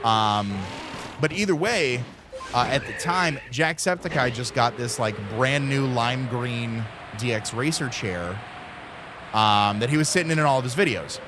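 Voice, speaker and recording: A man's voice: mid-range voice, a little slow. Rambling man telling a story, noisy. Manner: rambling, lots of fillers, acts out friends' voices. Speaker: streamer. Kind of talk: casual storytelling chat.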